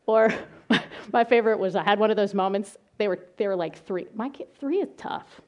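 A middle-aged woman giving a talk on calming angry children, telling lively stories from her own family and work, often laughing and acting out the children's voices. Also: mid-range voice, measured pace, long pauses, muffled recording. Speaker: child behavior specialist giving a parenting talk. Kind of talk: presentation with slides.

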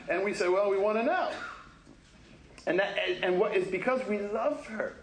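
Animated man preaching in an echoey hall. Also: sits high, normal speed, a crowd in the background. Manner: conversational, acts out quoted voices, laughs often. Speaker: pastor. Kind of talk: sermon. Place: church sanctuary.

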